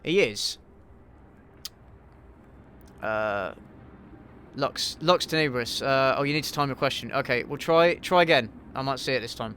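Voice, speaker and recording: Sweary, blunt man with a bright voice. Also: medium pitch, measured pace, long pauses, a little hiss or hum. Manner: blunt, sweary, hesitant with frequent ums and restarts. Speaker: YouTube channel host answering viewer questions. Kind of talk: casual livestream Q&A while gaming.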